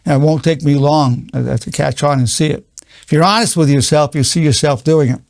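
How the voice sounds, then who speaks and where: Gravelly older man teaching earnestly. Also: on the high side, fairly quick, darkish tone, dry recording, clean studio sound. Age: 80s. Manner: earnest, repetitive, stammering restarts. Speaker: psychologist teaching a lesson. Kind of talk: unscripted spoken lesson.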